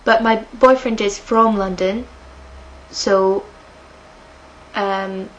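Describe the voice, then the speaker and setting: A young woman from Edinburgh with a slightly lilting Scottish accent, unhurried and soft-spoken, reading a passage and then talking with some hesitation. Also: medium pitch, fairly even intonation, muffled recording, slight background noise. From Scotland. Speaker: accent study speaker.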